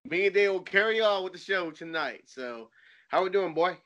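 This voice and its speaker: A man's voice: high-pitched, lively intonation, normal speed, fairly bright tone, muffled recording. A man in his forties hosting a podcast, chatting casually and rambling through loose stories. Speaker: podcast host. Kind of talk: casual chat.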